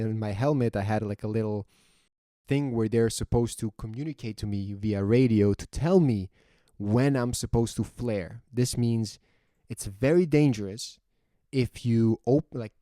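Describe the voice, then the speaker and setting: A man hosting his own podcast, telling a personal story in a casual, animated way with lots of swearing and acted-out inner dialogue. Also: mid-range voice, dry recording, clean studio sound. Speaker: podcast host.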